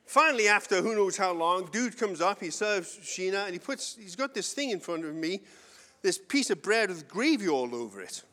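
A man's voice: high-pitched, expressive, moderate pace, bright, forceful tone. A man with an English accent preaching a sermon, telling a conversational, self-mocking personal story before turning to scripture. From England. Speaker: pastor. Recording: long hall reverb.

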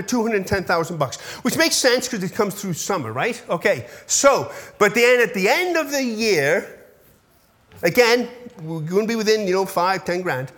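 A man in his fifties with a high, slightly bright voice, speaking as a pastor giving his congregation a casual update. He's chatty, often checks in with his listeners, and is easily moved when thanking them.

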